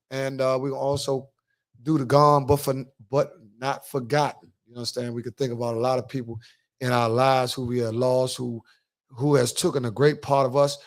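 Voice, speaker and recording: A middle-aged man from Washington DC with a DC accent, hosting a podcast and telling stories in emphatic, slangy street talk. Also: medium pitch. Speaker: podcast host.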